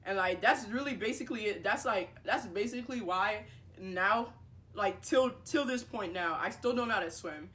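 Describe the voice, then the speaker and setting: A woman's voice: medium pitch, normal speed. Chatty young woman telling a story. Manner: animated, filler-heavy, acts out dialogue. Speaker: vlogger. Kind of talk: casual storytime monologue.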